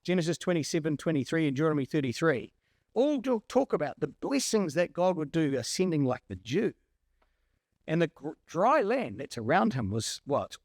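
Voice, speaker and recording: Guy preaching a sermon, really lively up and down voice, dry sound. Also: on the high side, normal speed, no room sound. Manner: animated, emphatic, acts out quoted lines.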